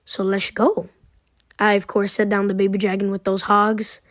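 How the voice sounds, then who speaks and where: A woman's voice: mid-range voice, level tone, normal speed, dry recording, clean studio sound. A young woman giving casual, playful commentary on her own game, trash-talking her opponent as she walks through each move. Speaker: gaming commentator.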